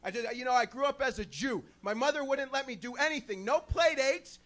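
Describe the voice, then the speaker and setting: A man doing a crude, rambling stand-up set, joking about being high. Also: fast talker, a bit bright. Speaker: stand-up comedian. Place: small club stage with a live audience.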